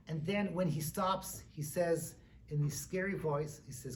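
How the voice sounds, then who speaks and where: A man giving a humorous sermon as a rabbi, animated and joking with fillers. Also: fairly high pitch, moderate pace, slight background noise. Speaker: rabbi lecturer. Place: synagogue lecture.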